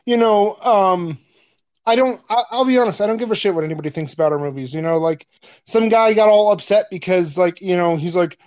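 A man's voice: sits high, a little fast, a little mellow, no echo. A man co-hosting a podcast in casual chat, blunt and profane, laughing often. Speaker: podcast co-host.

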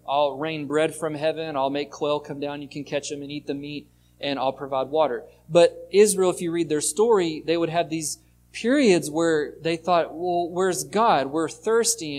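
A man's voice: on the high side, a little mellow, a little hiss or hum. A male pastor giving a sermon, reading scripture aloud and explaining it in a conversational way.

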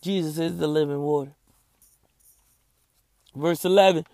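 A man's voice: high voice, normal speed, no echo, studio quality. A man hosting his own Bible study show, reading scripture and preaching with passion and sarcasm.

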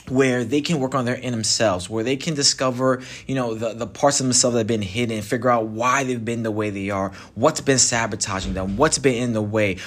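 A man hosting his own podcast, talking casually and directly to listeners in a chatty, conversational way with restarts. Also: medium pitch. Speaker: podcast host. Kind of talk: casual solo podcast talk. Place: Mexico.

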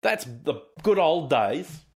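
A man's voice: on the high side, very animated, slow, husky. An Australian man hosting a comedic podcast, ranting in a sweary, sarcastic and rambling way. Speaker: podcast host.

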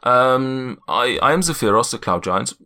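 A man voicing a polite male cloud giant in a tabletop game, speaking in a halting mock accent that drifts toward South African and ending lines with "yes?". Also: mid-range voice, lively intonation, pushed and bright, pitched above the performer's own voice. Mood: courteous. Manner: halting, tags sentences with "yes?".

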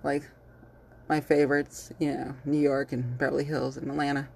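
A woman giving a blunt, animated casual commentary monologue on local politics, swearing freely. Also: extremely low pitch, moderate pace, vocal fry, slight background noise.

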